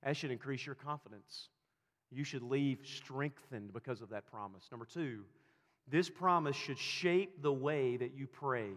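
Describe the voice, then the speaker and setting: A man's voice: fairly high pitch, measured pace, a bit bright. A man preaching a sermon as pastor, building emphasis through repeated, rising phrases. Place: church sanctuary. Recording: long reverb of a church hall.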